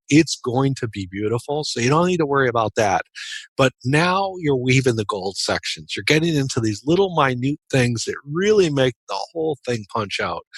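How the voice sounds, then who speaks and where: A man's voice: medium pitch, a bit bright, breathy edge, no room sound. A man speaking as a podcast guest, telling a story earnestly in conversational interview style and often repeating words as he restarts.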